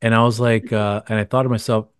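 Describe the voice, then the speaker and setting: Guy hosting a podcast, talks fast and low, rambles a lot, dry close sound. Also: little pitch movement, smooth, no room sound. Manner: rambling, many restarts and fillers. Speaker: podcast host. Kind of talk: casual interview.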